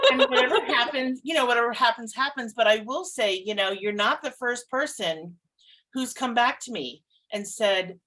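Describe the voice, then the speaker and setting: Woman, psychic and podcast co-host; casual chat, animated, laughs a lot, salty language. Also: on the high side, normal speed, poor audio. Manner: animated and expressive, laughs often, swears casually.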